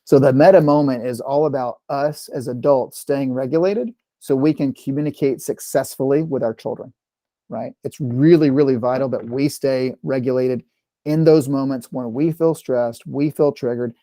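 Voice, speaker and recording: A middle-aged man speaks to parents in an easygoing, conversational manner, often tagging his points with a quick "right?". His voice is warm and mellow. It sounds close and dry, with no room echo. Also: medium pitch. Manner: conversational, with frequent "right?" check-ins. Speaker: presenter of a parent workshop. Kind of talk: informal talk to parents.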